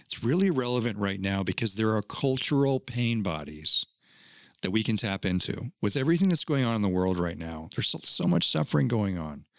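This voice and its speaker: A man's voice: on the low side, sing-song, a little fast, gravelly, no echo. A man hosting a casual podcast chat, talking in an earnest, teacherly way and swearing now and then. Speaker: podcast host.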